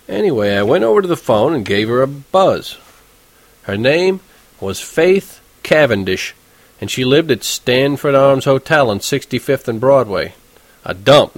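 A man's voice: medium pitch, no echo. A man reading a first-person novel aloud in a wry, conversational storytelling manner. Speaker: audiobook narrator.

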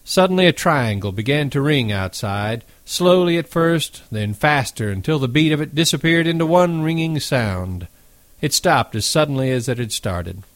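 A man narrating a novel as an audiobook in a steady, measured reading. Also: medium pitch, no echo.

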